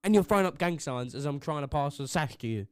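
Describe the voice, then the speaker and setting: A man's voice: fairly high pitch, lively intonation, fast talker, clear, resonant tone, no echo. Young man, podcast co-host, casual rambling, sweary storytelling, close dry recording. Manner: rambling anecdotes, swearing, acting out others' lines. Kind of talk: casual chat.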